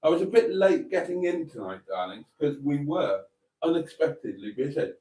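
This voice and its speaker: A man's voice: fairly high pitch, big pitch swings, normal speed, mellow. A man hosting a casual live chat, reading out viewer comments in a camp, theatrical manner. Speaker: host of a live chat show.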